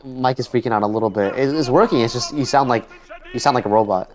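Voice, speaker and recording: A man's voice: mid-range voice, fast talker, a little mellow. A man co-commentating a strategy game tournament live in a casual, keen way. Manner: casual, keen, filler-heavy. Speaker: co-caster.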